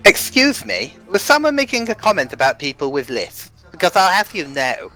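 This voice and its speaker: A man's voice: a little high, wildly swooping pitch, normal speed, pushed and bright, soft background music, exaggerated voice. A man doing a snooty lisping posh brat. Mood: affronted. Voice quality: lisp, haughty upper-class drawl. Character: snobbish posh lisping boy, indignant.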